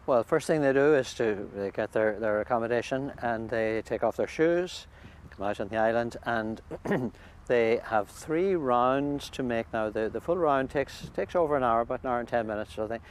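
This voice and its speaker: A man, a priest, describing a pilgrimage in a thoughtful, halting way with many restarts, recorded outdoors by a lake. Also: mid-range voice. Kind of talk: conversational interview. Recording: faint outdoor background noise.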